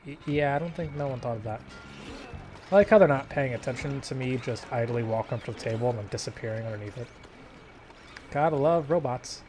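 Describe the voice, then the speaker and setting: A man's voice: medium pitch, brisk, darkish tone, a little hiss or hum. A man hosting a let's play, giving casual, jokey gameplay commentary with mock-British asides.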